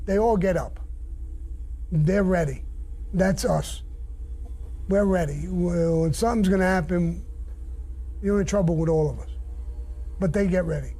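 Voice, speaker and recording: A man's voice: sits high, measured pace, pauses often, dark tone. An older man bluntly recounting his past in a casual, profane storytelling way, with faint music behind.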